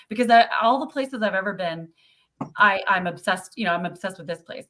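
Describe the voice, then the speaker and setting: A woman's voice: medium pitch, brisk, pushed and bright. Chatty laughing woman. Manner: chatty, laughs often, acts out quoted voices. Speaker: owner of a haunted site, guest. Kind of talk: casual live-stream chat.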